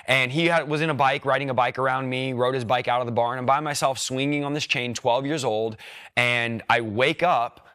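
Young man, earnest testimony, mid pitch, dry close sound. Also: fairly even intonation, bright, forceful tone, no room sound. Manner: earnest storytelling, quick bursts. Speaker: preacher. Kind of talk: personal testimony.

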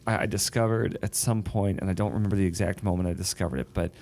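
A man's voice: low voice, steady tone, fast, gravelly, a little mellow. A man who writes songs and novels, talking through his writing process in a thoughtful, casual conversation. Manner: thoughtful, explains with sung rhythms and examples. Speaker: songwriter and novelist.

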